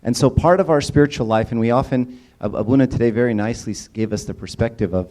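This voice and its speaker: Casual church speaker, a man with a mellow, dark voice who keeps tossing questions to the room. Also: mid-range voice, quick pace. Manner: casual, engages audience with questions and repeated "right?". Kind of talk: conversational sermon talk.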